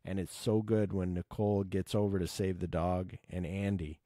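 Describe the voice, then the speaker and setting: A man casually retelling his favorite film scenes, excited and swearing, acting out the characters' lines. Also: low voice, normal speed, no echo, clean studio sound. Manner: enthusiastic, swears, acts out quotes. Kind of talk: casual movie recap.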